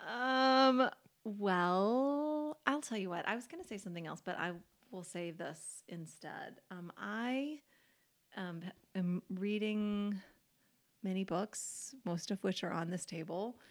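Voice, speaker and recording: A woman co-hosts a relaxed faith podcast in an easy conversational voice. She talks in a chatty way, full of "like" fillers, and laughs readily. She presses hard on the words that matter to her. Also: medium pitch, slow pace. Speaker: podcast co-host.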